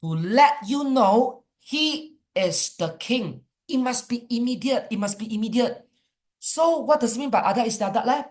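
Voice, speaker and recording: A young woman with a Malaysian English accent teaching a history revision class, coaxing and animated, slipping in Malay words. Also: on the high side, normal speed. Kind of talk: online exam revision class.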